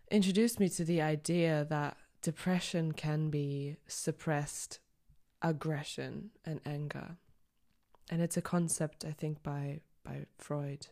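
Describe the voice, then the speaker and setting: Woman, young adult, low-pitched, podcast host, candid, raw, near tears. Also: dark tone. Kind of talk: personal reflective monologue.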